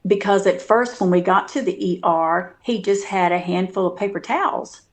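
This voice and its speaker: A woman's voice: mid-range voice, moderate pace. A woman guest telling a personal story in casual interview talk, earnest and full of fillers and restarts.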